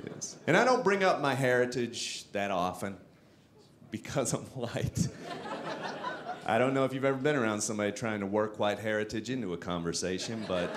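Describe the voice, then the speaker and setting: A man from Texas doing a stand-up comedy set on a club stage into a handheld mic, with self-mocking, animated delivery. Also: lowish voice, normal speed, background noise.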